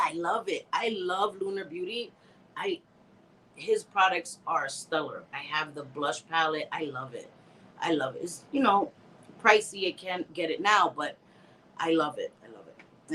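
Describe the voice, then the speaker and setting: A woman's voice: on the low side, fairly bright tone, rough recording. A middle-aged woman hosting a casual livestream from home on a close phone mic, laughing often, reading comments aloud and dropping in Spanish words. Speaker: livestream host.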